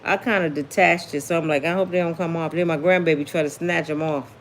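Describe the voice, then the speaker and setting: A woman's voice: deep voice, fairly even intonation, quick pace, slight background noise. Sassy chatty woman hosting a livestream. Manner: chatty, sassy, reads viewer comments aloud. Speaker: celebrity gossip livestream host. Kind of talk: casual livestream chat.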